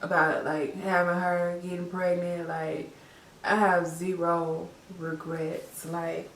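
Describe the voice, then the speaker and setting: Young woman vlogger, teary, heartfelt, slow, echoey room, a little off-mic. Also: on the low side, little pitch movement, far from the mic, slight background noise. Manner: heartfelt, tearful, repeats herself with many fillers. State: teary, crying. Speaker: vlogger, new mother. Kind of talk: emotional personal story to camera.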